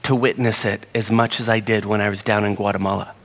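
A man preaching a sermon, telling a story in an animated way and getting higher and livelier as he gets excited. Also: fast talker. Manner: animated storyteller, rising pitch when excited. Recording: long hall reverb.

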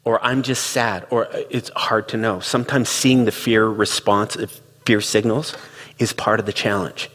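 A middle-aged man talks reflectively to listeners, slipping into quoted dialogue as he tells stories. His voice sits fairly low and has a husky grain. The sound carries a long hall reverb. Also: fairly even intonation, moderate pace, a bit bright. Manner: conversational, storytelling with quoted dialogue. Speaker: speaker on relationships. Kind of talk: reflective talk.

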